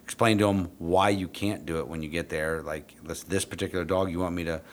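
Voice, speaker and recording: A middle-aged man who trains police dogs, telling a story in a blunt, profane, casual way and jumping into animated quotes of himself. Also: low-pitched, fairly quick.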